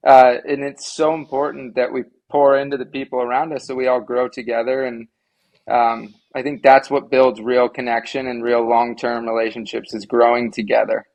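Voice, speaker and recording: A man who is a podcast guest, speaking earnestly and thoughtfully in casual conversation. His voice sits at an ordinary middle pitch. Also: little pitch movement, normal speed, darkish tone, rough recording.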